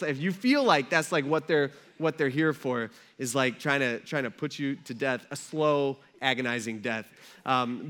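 A man in his thirties preaching a sermon from a church stage, telling stories in an animated, conversational way with lots of asides. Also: medium pitch. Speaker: pastor.

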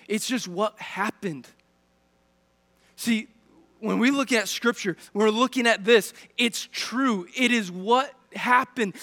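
A man with a high voice preaches in a church sanctuary, putting direct questions to his listeners. His words trail off into a long reverb from the big hall, and he restarts his sentences as he works through his point. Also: fairly bright tone. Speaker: pastor. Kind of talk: sermon.

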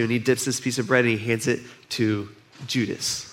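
A young man giving a casual, conversational sermon, retelling a story and acting out the quotes with lively shifts in voice. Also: mid-range voice, a little fast. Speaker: pastor.

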